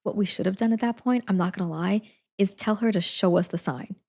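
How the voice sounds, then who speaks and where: A woman's voice: medium pitch, fairly quick, warm tone. A young woman streamer telling a story in casual chat, full of fillers, acting out what people said. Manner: chatty, many fillers, acts out quotes.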